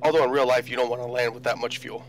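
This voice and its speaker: A man's voice: medium pitch, little pitch movement, racing, a little hiss or hum, poor audio. A man from the Chicago area chatting casually on a flight sim stream, dry and fond of telling stories. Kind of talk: casual chat.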